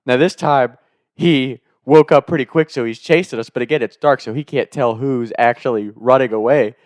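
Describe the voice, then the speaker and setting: A young man telling a comedic story casually, animated, laughing often and swearing. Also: medium pitch, moderate pace, no room sound, studio quality.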